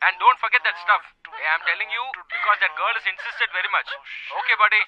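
A man's voice: sits high, fast, bright, forceful tone, lo-fi sound. A man voicing a brash, boastful young man in a film dub. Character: brash young man, dismissive husband and crude friend.

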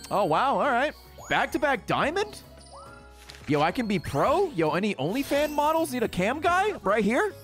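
An American man giving casual, excitable gameplay commentary, joking and talking to the creatures on screen. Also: very high-pitched, moderate pace, faint music behind. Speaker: gaming video creator.

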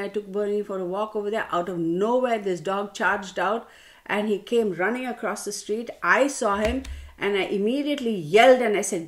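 Exasperated woman ranting to her viewers. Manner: animated, exasperated storytelling with sudden pitch jumps; addresses listeners as y'all. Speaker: tarot reader. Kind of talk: casual ranting monologue.

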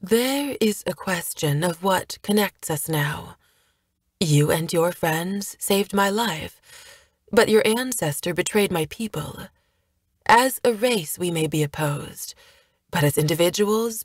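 A woman's voice: lowish voice, expressive, slow, breathy edge, no echo, clean studio sound, full character voice. A woman voicing a proud, guarded elf woman who speaks in a firm, formal way, in a storybook reading. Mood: wistful.

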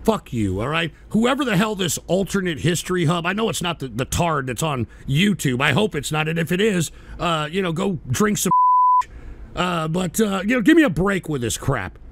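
A man rants through a talk radio show in a high, gravelly voice. He swears constantly and shouts at his listeners while reading out their paid messages. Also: very animated, normal speed. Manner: angry, loud, swearing, shouting at viewers. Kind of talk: profane political rant.

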